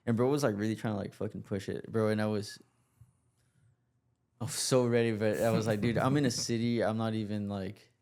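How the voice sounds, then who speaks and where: Podcast guest, man, low voice, relaxed slangy chatter. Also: brisk, long pauses. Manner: laid-back, slangy, says bro a lot. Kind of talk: casual chat.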